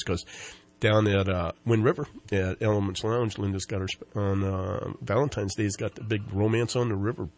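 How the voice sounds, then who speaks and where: A man's voice: fairly low pitch, fairly even intonation, normal speed. A man hosting a local talk radio show, rambling and joking with lots of fillers and restarts. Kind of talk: casual talk radio chat.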